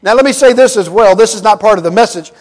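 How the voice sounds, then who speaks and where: A man with a very high voice preaches in a church sanctuary, his words ringing with a long reverb. He drives his points home through repetition and mixes in light jokes. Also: quick pace. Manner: emphatic, repetitive preaching with humor. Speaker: pastor. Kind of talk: sermon.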